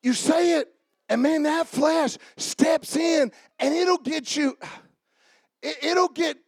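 A man preaching a sermon, swinging from shouted exhortation to hushed asides and repeating his lines call-and-response style. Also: very high-pitched, slow pace, creaky, no echo, clean studio sound.

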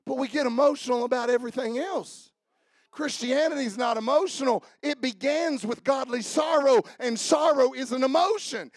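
A man preaching a sermon, swinging from shouted fiery passages to quiet asides. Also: extremely high pitch, no echo, clean studio sound. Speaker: pastor.

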